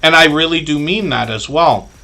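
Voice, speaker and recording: A man's voice: on the high side, normal speed, bright, forceful tone. A man hosting a live stream, talking casually and earnestly to his chat with many fillers and asides.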